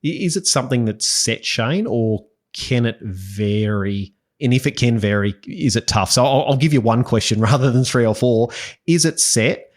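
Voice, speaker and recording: A man's voice: mid-range voice, expressive, normal speed. A man hosting a podcast interview, conversational, thinking aloud and checking with tag questions. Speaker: podcast host.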